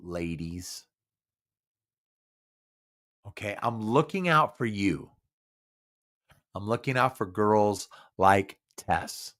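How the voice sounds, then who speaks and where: Drunk male podcast host, slurred speech, slow drawl, repeats himself. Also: lowish voice, fairly bright tone. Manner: rambling, repeats words, stumbles over phrases. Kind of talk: casual live podcast talk.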